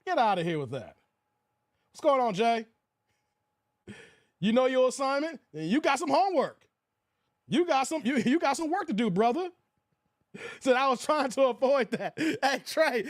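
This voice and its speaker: Laughing, high-voiced streamer in a dry room. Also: male voice, normal speed, no room sound. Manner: animated, laughing, quoting movie lines. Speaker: live stream host. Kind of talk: casual live stream chat.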